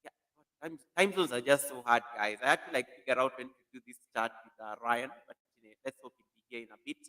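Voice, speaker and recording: Guy doing a casual live stream, bright voice, calls out viewers by name, echoey mic. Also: medium pitch, fast talker. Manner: greets viewers by name, animated and chatty. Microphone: computer mic. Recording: echoey room sound.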